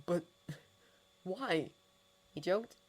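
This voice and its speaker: A woman voicing a frightened teenage boy wizard who speaks in a hushed, trembling way. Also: lowish voice, animated, very slow, heavily acted. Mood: distraught.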